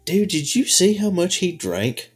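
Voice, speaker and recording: A man co-hosting a casual chat, telling stories with big, loud laughs and the odd swear. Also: high-pitched, measured pace, slightly rough, soft background music. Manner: animated storyteller, swears, laughs loudly.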